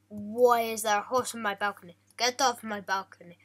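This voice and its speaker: A woman's voice: on the high side, fairly even intonation, moderate pace, fairly bright tone. A young woman casually commenting on her own gameplay, joking, chatty and playful, chatting to the animals in the game. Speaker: gaming vlogger.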